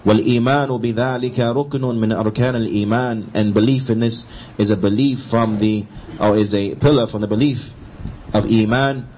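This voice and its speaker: Fast-talking emphatic man teaching religion. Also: lowish voice, steady tone, darkish tone, dull audio, a little hiss or hum. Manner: switches between recited Arabic and English explanation, emphatic and repetitive. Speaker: Islamic teacher. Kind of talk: lecture explaining a hadith.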